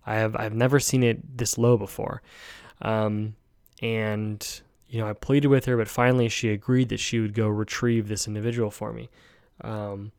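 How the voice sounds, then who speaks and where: A man with a low, gravelly voice tells a personal story from his hospice work. He speaks in a halting, heartfelt way, full of fillers and restarts. The sound is dry and close. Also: no echo. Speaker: podcast host and hospice worker.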